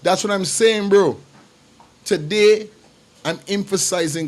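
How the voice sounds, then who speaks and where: A man's voice: sits high, slow pace, pauses often. A man hosting a livestream. He talks straight to his viewers in a casual, emphatic way and repeats his points. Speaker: livestream host. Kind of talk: casual commentary.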